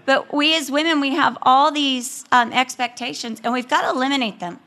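A woman with a high, brisk voice addresses a female audience on the subject of marriage. She tells a funny story from her own life in an animated way, acting out the lines she quotes.

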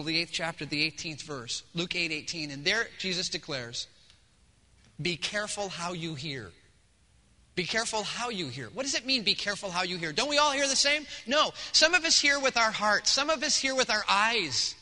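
A man preaching a sermon as pastor at a church service, telling stories in an animated way and swinging between hushed and loud delivery. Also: sits high, a little fast, hardly any pauses, long reverb tail.

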